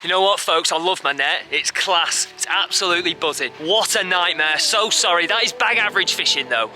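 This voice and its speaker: A man's voice: high voice, brisk, sharp tone, faint music behind. A young man fishing on a riverbank outdoors, chatting casually and jokily as he explains his method and cheers when he hooks a fish. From England. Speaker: fishing vlogger. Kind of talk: casual instructional chat.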